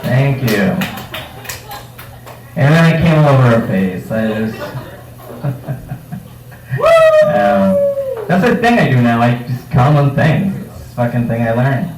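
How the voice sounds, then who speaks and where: A man's voice: mid-range voice, huge pitch swings, slow pace, long pauses. Stand-up comic: a crude, joking man doing a set in an echoey bar and picked up from a distance. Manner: crude, joking, acts out voices. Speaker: stand-up comedian. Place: comedy night in a bar. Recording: roomy bar room, mic heard from a distance, faint noise.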